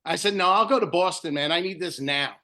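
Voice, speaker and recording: A man, a guest shop owner on a video call, telling stories in a lively, emotional way with some swearing. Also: sits high, a little fast. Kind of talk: casual storytelling.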